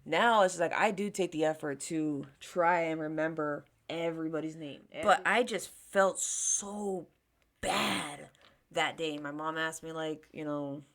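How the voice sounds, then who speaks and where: A woman's voice: sits low, unhurried, fairly bright tone. A woman in her thirties telling a casual storytime while doing her makeup, chatty and candid, swearing freely and acting out the people in her story. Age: 30s. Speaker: beauty vlogger.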